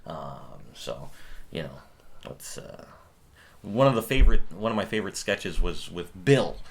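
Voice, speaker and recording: Animated middle-aged co-host, low voice with big swings, casual chat. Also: male voice, unhurried, creaky. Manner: animated and lively. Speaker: podcast co-host.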